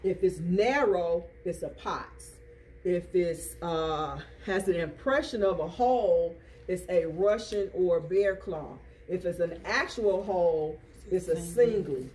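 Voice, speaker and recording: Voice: mid-range voice, slow pace, darkish tone. Instructor chanting terms in a classroom. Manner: drills terms with rhythmic repetition; quizzes students with call-and-response. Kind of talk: classroom lecture and drill. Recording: distant classroom recording, faint noise.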